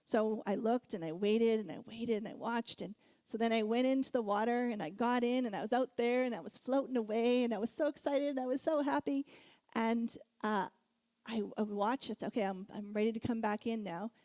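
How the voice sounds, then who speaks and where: Mellow-voiced woman telling a story from the pulpit. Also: fairly high pitch, fairly quick, no room sound. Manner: storytelling, laughs often, animated when recounting. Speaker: guest speaker. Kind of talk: sermon.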